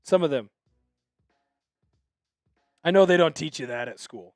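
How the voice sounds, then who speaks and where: A man with a high voice hosts a fan live stream and calls the plays himself. He talks in an excitable, chatty way and is quick to say sorry. His voice sounds close and dry, with faint music underneath. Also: no echo.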